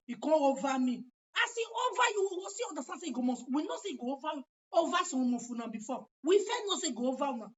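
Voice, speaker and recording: A woman with a Nigerian accent speaks high in her register and hammers her points home with repetition. Her casual monologue is animated and insistent. The recording sounds muffled and lo-fi. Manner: animated, emphatic ranting with repeated phrases. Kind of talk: casual monologue mixing Pidgin and local languages. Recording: dull lo-fi recording.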